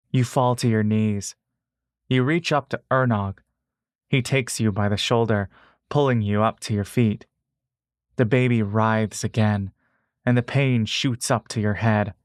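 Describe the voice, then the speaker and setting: A man narrating a fantasy adventure story in the second person, in a measured, steady way. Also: lowish voice, clean tone, dry recording, studio quality.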